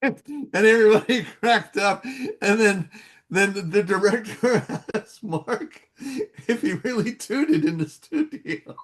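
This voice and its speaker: Man, voice actor guest, casual interview, animated storyteller, frequent laughter, slightly high voice. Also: slow pace. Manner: animated, laughs often while telling anecdotes.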